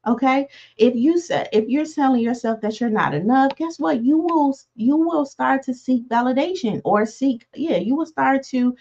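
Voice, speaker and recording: A woman in her forties giving a self-help talk as host, in a soft tone, conversational and full of fillers and asides. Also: sits high, normal speed, few pauses, dull audio. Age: 40s. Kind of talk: motivational teaching talk.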